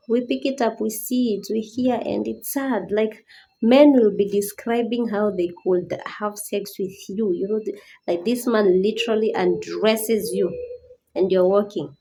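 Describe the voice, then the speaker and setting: A woman's voice: medium pitch, fairly even intonation, unhurried, dark tone, a little hiss or hum, poor audio. A woman giving a personal awareness talk as a disability advocate, earnest and pleading, rising to indignant questions.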